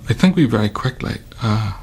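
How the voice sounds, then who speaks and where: An Irish man recalling his time as a hostage in a measured, storytelling interview with wry humour. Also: lowish voice, animated, a little mellow, a little hiss or hum. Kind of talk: reflective interview recollection.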